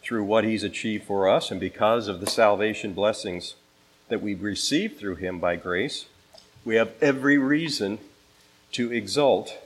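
Here the pastor's voice sits lowish and husky, and he takes his time. Reading scripture aloud, he punches key words with emphatic inflection while teaching an expository sermon and setting listening assignments like a classroom teacher. Audio quality is low.

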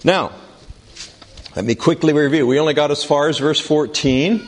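A man teaching a Bible study in a classroom, speaking deliberately and reading scripture passages aloud with emphasis. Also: on the high side. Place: classroom with a board.

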